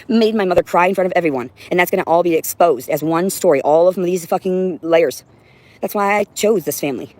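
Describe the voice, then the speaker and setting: A woman's voice: on the low side, a little fast, a little mellow, no room sound. A woman hosting a livestream, talking to her audience in a rambling, intense and profane monologue at home. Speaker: livestream host. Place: indoors at home with a cat.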